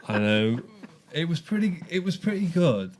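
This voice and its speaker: A man's voice: on the high side, big pitch swings, unhurried, darkish tone, a little hiss or hum. A young man co-hosting a podcast, telling a story animatedly with frequent restarts. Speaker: podcast co-host. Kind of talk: casual chat.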